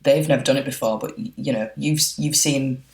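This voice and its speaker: A woman's voice: a bass voice, a little fast, vocal fry, poor audio. A woman, a wedding photographer being interviewed, talking in a chatty, reflective way with frequent fillers. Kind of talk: casual interview chat.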